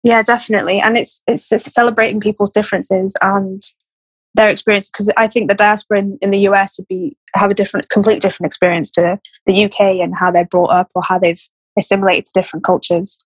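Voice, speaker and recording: A woman's voice: mid-range voice, level tone, quick pace, breathy edge, dry recording, poor audio. A woman from England with a Blackpool accent, a podcast guest chatting in an open, musing way. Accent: English, Blackpool. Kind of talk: casual conversational interview.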